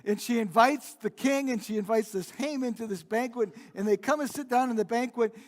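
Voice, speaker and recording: High-pitched guy pastor telling a bible story, chatty, lots of restarts, big echoey church. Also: a little fast. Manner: conversational storyteller, frequent restarts and repeated words. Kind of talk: sermon retelling a Bible story. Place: church sanctuary. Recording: long reverb of a church hall.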